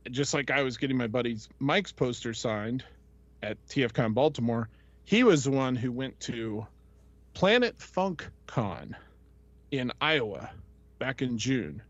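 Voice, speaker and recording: A man's voice: mid-range voice, animated, a little slow, no room sound. A man hosting a podcast, telling a casual, rambling story full of fillers and voices he quotes. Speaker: podcast host. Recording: dull lo-fi, dry sound.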